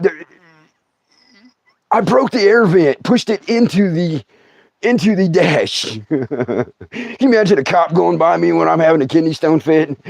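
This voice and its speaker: A man's voice: fairly high pitch, a little mellow, no room sound, dull audio. A middle-aged man telling a comic story on a livestream, stammering, laughing often and putting on voices. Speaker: comedian. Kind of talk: storytelling stand-up.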